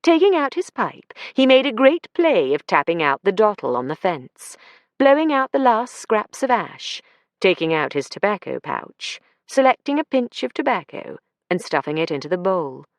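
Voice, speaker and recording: Woman audiobook narrator, expressive, lively pitch, dry close sound. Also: normal speed, no echo. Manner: expressive storytelling.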